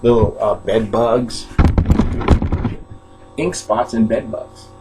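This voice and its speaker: A man's voice: fairly low pitch, slow pace, over loud music. A man talking to his viewers from his apartment in a rambling casual monologue, often tagging his sentences with "right?". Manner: rambling, tags statements with "right?". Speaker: video blogger. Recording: distant mic with loud hum.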